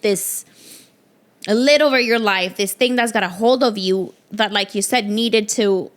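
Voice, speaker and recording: A woman's voice: mid-range voice, a little slow. A woman hosting an interview podcast, supportive and affirming as she reflects on her guest's story. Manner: supportive, affirming, frequent encouraging murmurs. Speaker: podcast host. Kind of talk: interview conversation.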